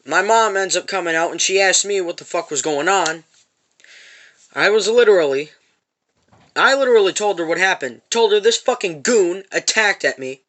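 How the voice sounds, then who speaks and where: High-voiced man ranting a storytime. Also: animated, moderate pace, fairly bright tone. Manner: profane, repetitive storytelling. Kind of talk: angry storytime rant. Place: parked van.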